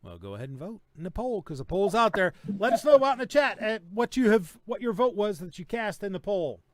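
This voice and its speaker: Blunt, profane man with a high voice. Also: sing-song, fairly quick, no room sound. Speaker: podcast host. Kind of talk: casual live-stream chat.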